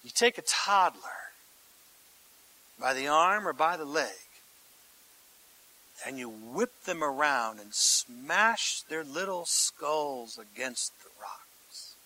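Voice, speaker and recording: A male pastor preaching a sermon, dramatic, dropping to hushed tones and rising to shouts, asking the congregation direct questions. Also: a little high, animated, slow pace, pauses often, low-quality recording.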